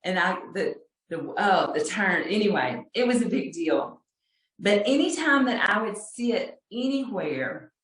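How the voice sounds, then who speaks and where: Slow-telling woman from Texas, echoey call. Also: medium pitch, distant mic. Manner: unhurried, halting, with fillers and soft laughs. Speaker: storyteller. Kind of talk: personal storytelling. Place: home room on a video call. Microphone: video call mic, set back. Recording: roomy echo, voice off-mic.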